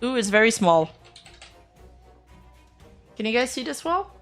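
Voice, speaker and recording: A woman's voice: fairly high pitch, big pitch swings, unhurried, fairly bright tone, soft background music. A woman streamer casually reacting to news, reading posts aloud and chatting with her viewers. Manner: chatty, answers chat, reads text aloud.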